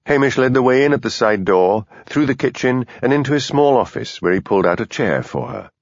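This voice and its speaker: A man narrating a mystery audiobook in an expressive, lively reading. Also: mid-range voice, fairly quick, dry recording. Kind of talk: scripted narration. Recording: dull, dry studio sound.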